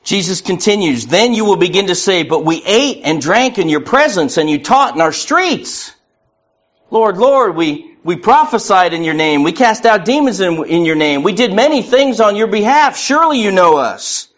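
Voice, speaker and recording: A man's voice: sits high, big pitch swings, moderate pace, a bit bright. A man preaching a sermon earnestly, acting out the voices in his quotes. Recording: muffled lo-fi recording.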